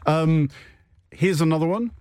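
A man's voice: on the high side, measured pace, a little mellow, clear, resonant tone, no room sound. A man hosting a studio panel show, talking in a dry, wry and teasing way. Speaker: host.

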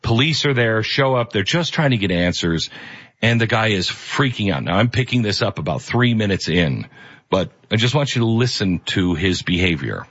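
A man's voice: fairly low pitch, big pitch swings, normal speed, a bit bright, dull audio. A male host giving earnest, emphatic opinion commentary.

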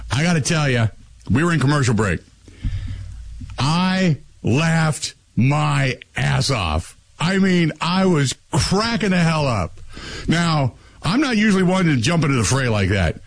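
A man hosting a casual sports talk radio show, telling stories in an animated, joking way. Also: on the high side. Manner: animated storytelling, lively and joking.

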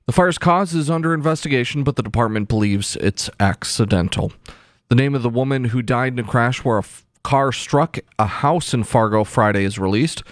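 A man's voice: mid-range voice, moderate pace, no room sound. Dry-voiced male radio newsreader. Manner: steady clipped news read. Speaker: news anchor. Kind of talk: radio newscast. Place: radio studio. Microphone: studio mic.

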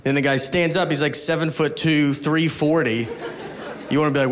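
A man's voice: a little high, steady tone, moderate pace, background noise. A man performing a stand-up comedy set, telling self-mocking stories in a laid-back way. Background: audience laughter.

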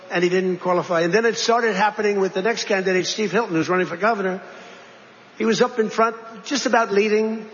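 A man's voice: high voice, fairly bright tone. A man giving a rambling political speech, full of repetitions and conversational asides. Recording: reverberant hall, dull lo-fi sound.

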